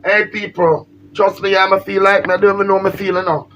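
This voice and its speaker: A woman's voice: mid-range voice, flat delivery, fairly quick, muffled recording, slight background noise. A woman with a Jamaican accent, feeling unwell, ranting and pleading on a livestream. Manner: emphatic, pleading, repetitive. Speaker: social media personality.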